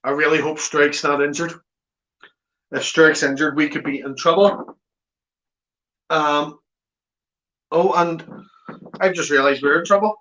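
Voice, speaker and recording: Bright, unhurried man hosting a live chat. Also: a little high, steady tone. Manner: chatty, teasing banter with viewers. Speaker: watchalong host. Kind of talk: live football watchalong chat, reading viewer comments. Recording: slightly dull lo-fi audio.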